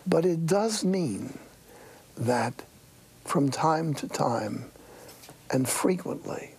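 Raspy, gravelly older man preaching slowly. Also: on the high side, animated. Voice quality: raspy, breathy. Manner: storytelling, wry and earnest, many hushed breathy asides. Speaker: priest. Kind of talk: sermon.

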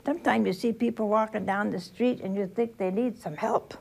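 A woman's voice: medium pitch, steady tone, vocal fry, a little mellow, a little hiss or hum. An older woman, a religious sister, giving a homely sermon, telling stories and asking the listeners questions. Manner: slow storytelling with rhetorical questions to the listeners.

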